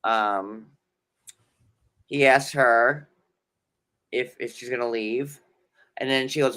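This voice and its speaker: Chatty New York man, bright voice. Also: mid-range voice, steady tone, slow pace, pauses often, clean tone. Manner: rambling, fillers, jokey asides. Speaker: podcast co-host. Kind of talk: casual recap chat.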